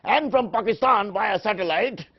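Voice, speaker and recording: A man playing a pompous, self-important anchor in a parody of a shouting TV debate show. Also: high voice, moderate pace, husky, muffled recording. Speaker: satirical news anchor.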